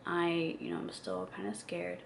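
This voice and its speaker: Candid young woman with a gravelly edge. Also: fairly low pitch, big pitch swings, moderate pace, slight background noise. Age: 20s. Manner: candid, chatty, many fillers. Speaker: vlogger. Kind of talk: casual confessional chat to camera.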